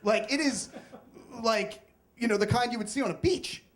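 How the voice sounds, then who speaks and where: A man's voice: extremely high pitch, normal speed, fairly bright tone. A young man telling a comic, self-mocking personal story on stage at a live storytelling event.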